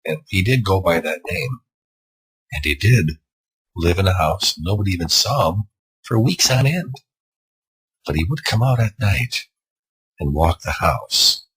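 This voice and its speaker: Deep, very husky storytelling man. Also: expressive, unhurried, long pauses, low-quality recording. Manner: rambling, conversational, with asides. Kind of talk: improvised spooky storytelling.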